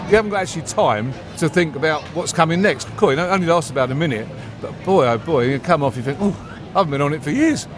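A man's voice: on the high side, animated, fast talker. An older man, a theme park owner, being interviewed outdoors in a genial, rambling way. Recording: outdoor recording with loud music.

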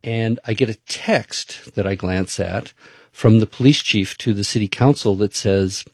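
A man's voice: lowish voice, a little slow, slightly rough, no echo. A man in his seventies, a city council member, plainly and indignantly recounting events in an interview. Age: 70s. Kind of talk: interview recollection.

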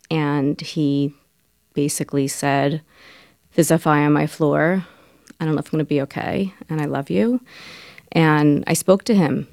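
A woman recounting events in an interview, earnest and urgent, with quick runs of words. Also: sits low, a little mellow, dry recording, clean studio sound. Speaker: interview guest.

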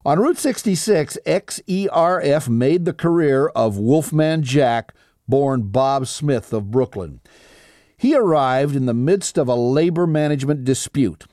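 A man narrating a documentary in a measured, scripted delivery. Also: medium pitch, lively intonation, warm tone, no echo, studio quality.

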